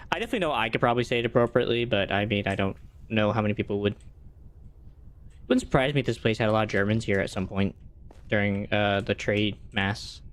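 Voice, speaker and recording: A man streaming a game, chatting casually and answering his chat as he plays. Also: on the low side. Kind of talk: casual chat while gaming.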